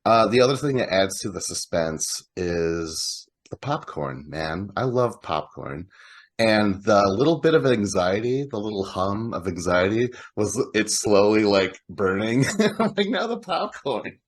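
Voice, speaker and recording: Husky man in rambling movie chat. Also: on the low side, very animated, unhurried. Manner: rambling, with fillers and laughs. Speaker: podcast co-host.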